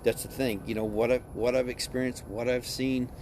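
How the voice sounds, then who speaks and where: A man's voice: mid-range voice, flat delivery, moderate pace, background noise. A man on a ghost tour chatting casually, agreeing often and telling a personal story. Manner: eager listener with frequent agreeing interjections, laughs while telling his story. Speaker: tour guest. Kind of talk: casual chat. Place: outdoors on a city street.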